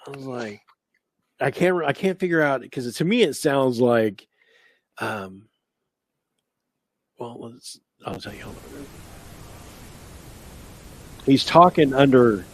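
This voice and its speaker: A man co-hosting a casual talk show, talking through what he heard in a halting way, searching for words. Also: medium pitch, lively intonation. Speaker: radio show co-host. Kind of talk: casual paranormal investigation chat.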